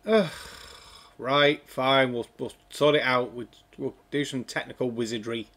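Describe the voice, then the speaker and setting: A man's voice: medium pitch, moderate pace, fairly bright tone. A man from Wales, hosting a sarcastic, swearing reaction commentary. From North Wales. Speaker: host.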